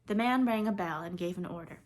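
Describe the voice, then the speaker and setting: A woman narrating a classic children's novel in an even, expressive storybook reading. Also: on the low side, fairly quick. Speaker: audiobook reader.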